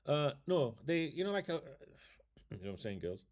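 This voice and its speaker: Male vlogger, lively pitch, sweary rambling chat to camera. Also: moderate pace. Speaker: YouTube host. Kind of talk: casual chat to viewers.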